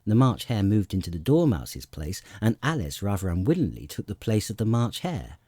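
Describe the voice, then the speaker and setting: A man narrating a storybook audiobook in an expressive storytelling manner, close to the mic. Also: lowish voice, moderate pace, breathy edge, no echo.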